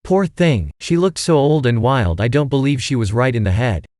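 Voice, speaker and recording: Male reader as a brisk, gossipy middle-aged aunt in a storybook; lively, dry. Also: mid-range voice, dry recording, natural voice. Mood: chatty.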